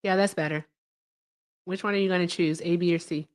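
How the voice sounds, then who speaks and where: A woman's voice: lowish voice, steady tone, fairly quick, slight background noise. A woman hosting a live stream, chatting in a playful, teasing way and laughing often. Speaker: livestream host. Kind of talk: casual live-stream chat.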